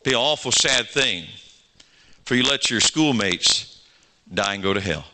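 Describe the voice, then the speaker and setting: A man, preaching a sermon. He tells stories and voices their dialogue, then presses his point with fervent calls to the congregation. His voice is very bright and forward. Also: mid-range voice, animated, unhurried. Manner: storytelling preacher, acts out dialogue, rising to fervent exhortation. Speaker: pastor.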